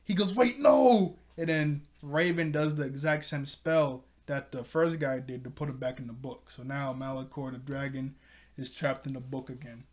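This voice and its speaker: A man's voice: medium pitch, little pitch movement, moderate pace. A young man casually recapping a cartoon episode, rambling and correcting himself as he goes. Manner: rambling, self-correcting, chuckles often. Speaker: TV episode reviewer.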